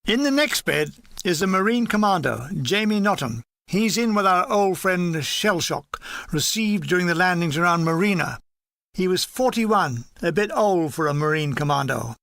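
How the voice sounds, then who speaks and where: High-voiced man reading a wry memoir. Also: expressive, normal speed, vocal fry, a bit bright, dry recording. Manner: dry comic timing, shifting voices for dialogue. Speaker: audiobook reader.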